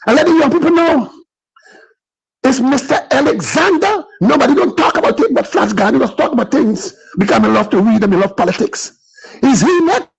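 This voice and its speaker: A man's voice: very high voice, lively intonation, a little fast, creaky, husky, poor audio. A man with a Guyanese accent, calling in to rant about politics with fervent, preaching passion. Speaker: caller. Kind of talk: impassioned political call-in rant.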